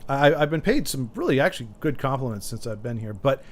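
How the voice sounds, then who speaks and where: A man's voice: medium pitch, big pitch swings, fairly quick. A man streaming a video game, joking and rambling as he chats with his viewers. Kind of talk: casual gaming commentary. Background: faint game music.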